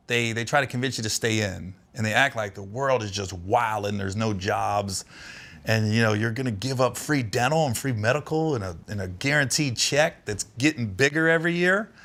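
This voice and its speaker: A man from Ohio guesting on a podcast, telling comic stories with a bright, pushing tone. He talks in a lively, animated way and laughs through his anecdotes in casual chat. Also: mid-range voice. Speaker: comedian guest.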